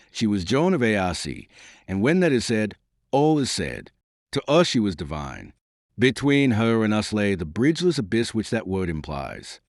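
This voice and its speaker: Low-voiced man narrating an audiobook. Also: no echo, clean studio sound. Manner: reverent, measured storytelling. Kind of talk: scripted narration.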